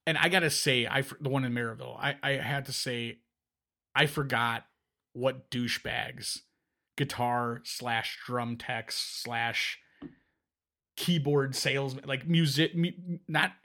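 A rambling, animated male podcast host. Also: medium pitch, unhurried, gravelly. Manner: rambling, animated storytelling with restarts. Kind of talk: casual chat. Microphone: podcast microphone.

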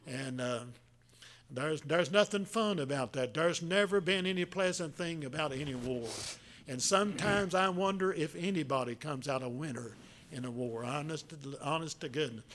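An older preacher in his seventies delivers a homespun sermon, his voice sitting a little high for a man. He talks in a folksy, halting way, with plenty of fillers and restarts as he works his way through each point. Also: a bit bright, slight background noise. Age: 70s. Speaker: pastor.

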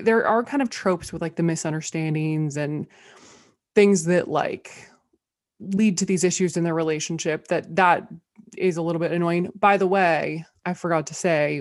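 A woman's voice: low voice, no echo, clean studio sound. A woman co-hosting a podcast, chatting casually about TV shows with lots of "like" fillers. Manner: bubbly, many "like" fillers. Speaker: podcast co-host. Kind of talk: casual review chat.

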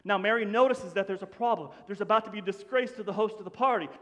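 A man preaching a sermon to his congregation in an animated, conversational way, often dropping to a hush. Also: high voice, quick pace, lo-fi sound. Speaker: pastor. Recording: long hall reverb.

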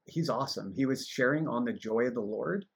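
A man's voice: medium pitch, fairly quick, creaky, breathy edge. A man hosting a livestreamed faith podcast, chatting casually and telling stories with frequent laughter. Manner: animated storyteller, laughs often. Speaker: podcast host.

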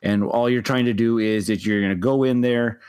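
A man's voice: medium pitch, fairly even intonation, fairly quick, darkish tone, smooth. A man co-hosting a casual board game chat, often stumbling over and repeating his words and breaking into laughter. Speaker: board game podcast co-host.

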